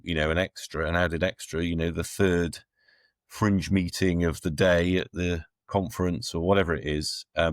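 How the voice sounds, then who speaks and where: A middle-aged man with a deep, low-pitched voice speaks as an interview guest. He talks bluntly and plainly, with dry, wry asides and firm opinions. The sound is close and dry, with no room echo. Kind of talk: conversational interview answers.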